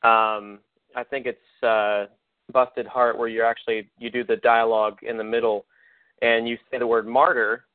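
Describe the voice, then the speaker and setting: American podcast host on a tinny line. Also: male voice, medium pitch, little pitch movement, moderate pace, dry recording. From United States. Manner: friendly, rambling. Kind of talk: casual interview. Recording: dry, phone-like line.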